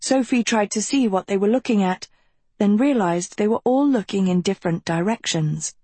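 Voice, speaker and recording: A woman narrating an audiobook in scripted, even, unhurried storytelling. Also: fairly low pitch, breathy edge, no echo.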